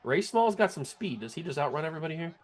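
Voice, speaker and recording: Excitable man narrating his video game. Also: on the high side, very fast. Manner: excitable, laughs often, yells in disbelief at game glitches. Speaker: gaming channel host. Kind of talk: video game play-by-play commentary.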